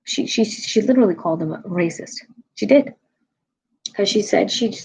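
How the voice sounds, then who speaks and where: A tired woman comedian with a low voice, ranting bluntly and sarcastically to her viewers in a casual chat. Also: expressive, normal speed, darkish tone, rough recording. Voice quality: low, husky. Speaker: comedian live-streaming.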